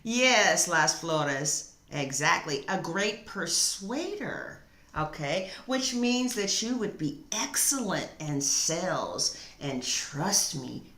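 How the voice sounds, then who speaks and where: An outspoken middle-aged woman reads tarot to her live chat, sassy and blunt. She talks slowly and her voice lifts and falls a lot, with a bright edge to it. The room around her has a noticeable echo. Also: fairly low pitch, big pitch swings. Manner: sassy, outspoken, talks back to chat with loud laughing asides. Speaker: tarot reader. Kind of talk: live-stream chat reading viewer comments.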